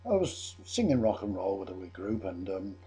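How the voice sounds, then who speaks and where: A man's voice: low-pitched, sing-song, moderate pace, mellow, breathy edge. An older man from England telling a chatty personal anecdote, amused at himself, with frequent restarts. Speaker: storyteller.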